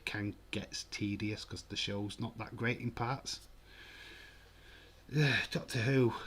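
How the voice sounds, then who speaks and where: A man's voice: fairly low pitch, fairly bright tone, breathy edge. A man streaming a live football watch-along, chatting casually and rambling with frequent restarts. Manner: rambling, self-correcting, chatty.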